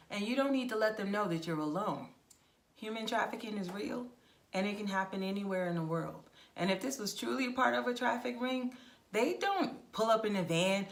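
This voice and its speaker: Frank woman travel vlogger. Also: medium pitch. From United States. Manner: frank, direct, animated with acted-out anecdotes. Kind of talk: casual advice monologue.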